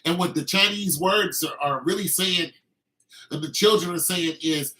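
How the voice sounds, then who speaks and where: A man's voice: a little high, moderate pace, bright, forceful tone, rough recording. A man hosting a podcast, delivering an opinionated casual monologue, heated and emphatic with frequent restarts. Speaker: podcast host.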